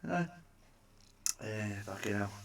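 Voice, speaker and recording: A man's voice: on the low side, lively intonation, unhurried, creaky, recorded from a distance. A man doing crude stand-up one-liners, swearing a lot and asking the listener for agreement. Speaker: stand-up comedian.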